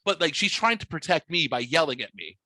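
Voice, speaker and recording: A man hosting a podcast, telling a story in a boisterous, profane, animated way. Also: fairly high pitch, a little fast, no echo. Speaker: podcast host. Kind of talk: casual storytelling chat. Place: podcast studio.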